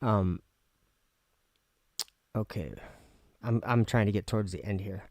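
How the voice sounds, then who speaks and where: A man casually reading scripture aloud and musing on it for his viewers, pausing and restarting as he goes. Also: fairly low pitch, no room sound. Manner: reads aloud with pauses and restarts. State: talking with candy in his mouth. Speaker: video host.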